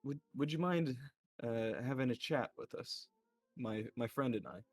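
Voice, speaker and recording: A man's voice: mid-range voice, measured pace, husky, no room sound, soft background music. A man playing a tabletop role-play game, speaking in character with polite, old-fashioned phrasing and some hesitation. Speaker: player.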